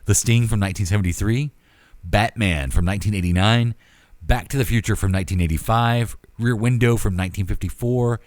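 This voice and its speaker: A man's voice: lowish voice, a little fast, a little mellow, no echo. A man co-hosting a podcast in casual chat, reading out a list of favorite films with their years. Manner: reads a list of film titles and years. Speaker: podcast co-host.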